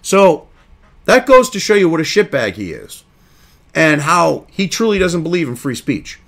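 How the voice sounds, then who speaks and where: A man's voice: a little high, big pitch swings, moderate pace, fairly bright tone. A man hosting a crude, indignant commentary show, reading news excerpts aloud and then ranting about them. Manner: reads article excerpts then reacts.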